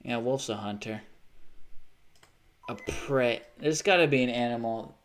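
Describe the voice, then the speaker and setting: A man streaming live who talks at a middling pitch in an easy, offhand way. He reacts to pictures and viewer messages on the fly, swearing freely and breaking into laughter. His sentences often stop and restart. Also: measured pace. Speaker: livestreamer.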